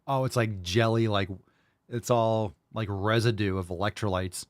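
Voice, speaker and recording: A man's voice: lowish voice, fairly even intonation, moderate pace, clear, resonant tone, no echo. A man hosting a live podcast who rants bluntly and profanely and mocks his listeners' excuses in put-on voices. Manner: mocking impressions of listeners. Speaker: podcast host.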